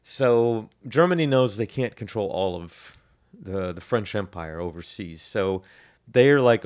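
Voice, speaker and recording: Man explaining history, low voice. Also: expressive, a little slow, few pauses, a little mellow. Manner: rambling, frequent ums and restarts. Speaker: history podcast co-host. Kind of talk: casual explanatory history chat.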